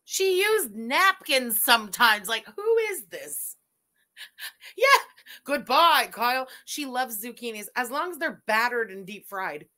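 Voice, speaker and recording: A woman's voice: on the high side, animated, takes it slowly, bright, forceful tone. A woman host giving sarcastic, disgusted reaction commentary over a video.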